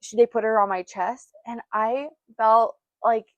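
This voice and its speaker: Chatty young woman, bright and lively. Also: a little high, measured pace, no room sound, lo-fi sound. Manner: chatty, laughs often, acts out quotes. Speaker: podcast co-host. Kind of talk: casual chat.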